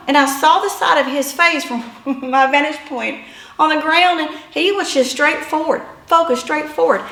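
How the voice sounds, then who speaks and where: A woman in her fifties with a high voice tells a funny personal story, animated and self-deprecating. The sound bounces around an echoey room. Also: moderate pace.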